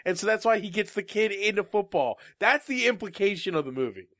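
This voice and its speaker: A man with a high, bouncy, bright voice, animated and playful as he riffs on a movie with friends. He jokes and swears freely. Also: fairly quick. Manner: animated, joking, profane. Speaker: podcast co-host. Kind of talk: casual chat recapping a movie.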